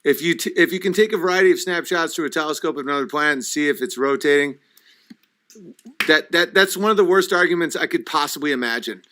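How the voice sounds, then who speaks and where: A man's voice: fairly high pitch, quick pace, bright, forceful tone. A man hosting a livestream who rants and swears while he reads chat comments aloud and argues back at them. He says he has had a few drinks. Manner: agitated, profane, reading chat comments aloud. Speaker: livestream host.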